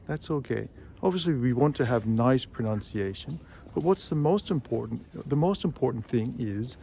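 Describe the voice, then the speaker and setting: A man gives an English pronunciation lesson at a mid pitch, patient and steady. He says example phrases slowly and repeats them. A faint background hiss sits under his voice. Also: gravelly. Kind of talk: video lesson. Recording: faint background noise with birdsong.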